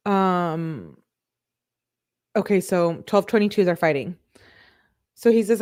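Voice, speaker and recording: This true crime host speaks slowly in a low-leaning voice, pausing often. She reads text messages aloud flatly and casually, stopping to make puzzled asides.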